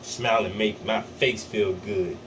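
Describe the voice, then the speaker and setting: A man's voice: lowish voice, steady tone, slow. A man painting on a livestream, bantering with his chat in a joking, profane, teasing way. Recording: slightly distant mic, faint air-conditioner hum.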